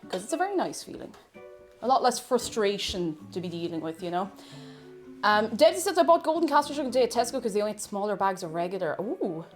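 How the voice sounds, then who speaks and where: A woman with an Irish accent hosting a casual baking livestream, chatting and greeting viewers by name as she reads the chat. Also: a little high. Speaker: livestream host.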